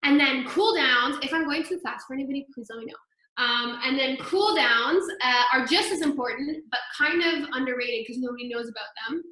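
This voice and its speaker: Young female voice coach, high bright chatty delivery, very echoey room on a laptop mic, faint piano. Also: normal speed, a little hiss or hum. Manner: chatty, upbeat, filler-heavy, sings exercises. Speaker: voice teacher. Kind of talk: online group voice lesson. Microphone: laptop microphone.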